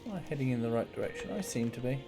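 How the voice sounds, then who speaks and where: A man's voice: mid-range voice, animated, racing, over music. A man giving casual, rambling gameplay commentary as a streamer. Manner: rambling, chatty, self-mocking.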